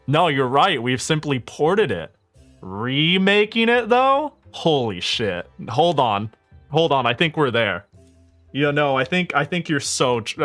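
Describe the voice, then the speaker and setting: A male streamer in casual stream chat, ranting in a profane, animated way and laughing often. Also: medium pitch.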